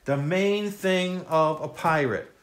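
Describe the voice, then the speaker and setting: A man's voice: on the high side, slow. A man leading a kids' step-by-step drawing lesson, playful and jokey, with silly sound effects. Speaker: children's drawing instructor.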